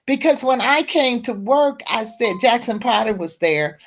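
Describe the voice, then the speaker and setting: A woman's voice: a little high, lively intonation, unhurried, a little hiss or hum. A middle-aged woman, a teacher advocate and guest at a round table discussion, telling her story bluntly and candidly.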